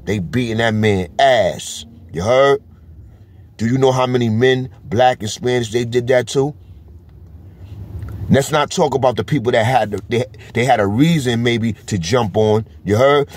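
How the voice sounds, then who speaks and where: Speaking to camera with a New York accent, a vlogger delivers laid-back street commentary and keeps tacking on "you heard?" to press each point. His voice is medium in pitch, at a moderate pace.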